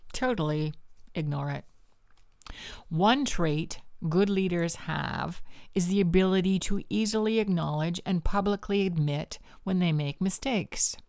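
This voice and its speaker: A woman's voice: lowish voice, darkish tone, clean tone, dry recording, studio quality. A Canadian woman in her fifties hosting a podcast, talking in a punchy, provocative, conversational way. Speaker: podcast host. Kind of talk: solo podcast monologue.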